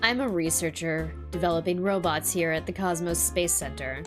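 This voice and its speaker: A woman's voice: fairly low pitch, moderate pace, music in the background, pitched below the performer's own voice, lightly acted. A woman doing a haughty female scientist. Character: haughty adult woman robotics researcher.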